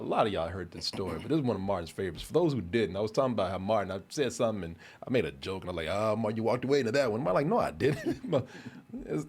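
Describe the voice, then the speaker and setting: A man hosting a podcast, telling a story in a casual, animated way, laughing often and getting loud when he quotes people. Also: mid-range voice, breathy edge. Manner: animated, laughs often, shouts when quoting his brother. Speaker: podcast host.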